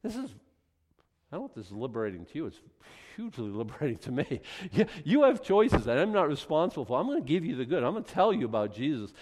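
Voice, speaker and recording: Animated male preacher. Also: fairly high pitch, quick pace. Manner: animated, acts out dialogue with rising intensity. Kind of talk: sermon.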